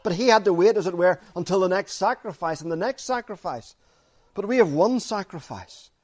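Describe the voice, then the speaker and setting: A man preaching a sermon, repeating key phrases for emphasis and moving from loud stresses to quiet, intimate asides. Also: high voice, lively intonation, moderate pace.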